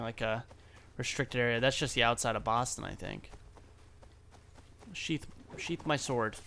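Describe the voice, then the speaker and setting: Bright-voiced man narrating his gameplay. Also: medium pitch, gravelly, a little hiss or hum. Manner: rambling, self-mocking, swears freely. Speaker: let's play host. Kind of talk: casual gameplay commentary.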